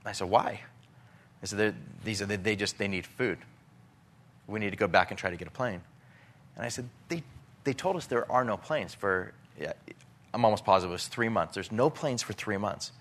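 A man's voice: on the low side, normal speed, pauses often, a bit bright. A middle-aged man telling an emotional personal testimony about relief work, with many restarts and acted-out dialogue.

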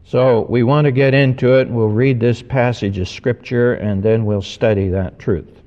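A man, a pastor, giving an earnest sermon, slowing down to stress key words. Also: mid-range voice, steady tone, mellow. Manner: measured, earnest preaching with slowed emphasis. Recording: dull recording with long hall reverb.

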